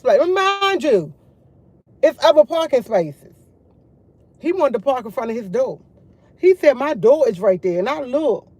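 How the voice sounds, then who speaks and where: A young woman vlogging to her viewers, retelling a run-in in an animated, emphatic way with slang and swearing. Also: high-pitched, no echo. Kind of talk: casual storytelling chat.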